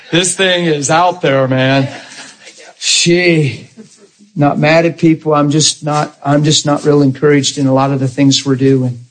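Husky, animated man preaching. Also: on the high side. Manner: animated, laughing, loud outbursts. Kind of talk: sermon with storytelling.

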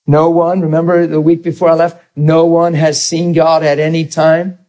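A man's voice: fairly high pitch, level tone, normal speed, darkish tone. A man, preaching a sermon and telling a story while acting out the dialogue.

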